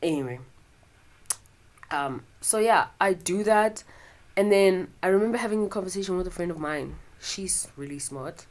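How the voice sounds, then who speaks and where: A woman's voice: fairly low pitch, lively intonation, normal speed, rough recording. A young woman hosting a podcast, talking in a casual, rambling monologue full of fillers and swearing. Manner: chatty and profane, rambling with many fillers. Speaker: podcast host.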